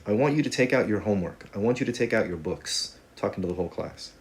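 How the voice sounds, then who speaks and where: A man with a somewhat low voice runs a casual video lesson on Spanish grammar. He talks to the class in a conversational, joking way, full of playful asides. A faint hum of room noise sits behind him. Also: lively intonation, quick pace. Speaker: Spanish teacher.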